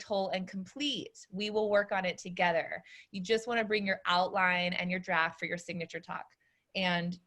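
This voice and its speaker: A bright-voiced woman coaching members on a training call. She sounds upbeat and encouraging, laying out each step plainly at a mid pitch. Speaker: business coach and co-host.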